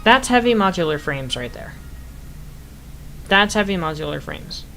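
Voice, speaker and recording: A woman's voice: lowish voice, animated, moderate pace, creaky, a bit bright, soft background music, low-quality recording. A young woman chatting casually over her gameplay, often laughing in amused disbelief at what she once built. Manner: laughs often, amused and incredulous at her own old build. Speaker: game streamer.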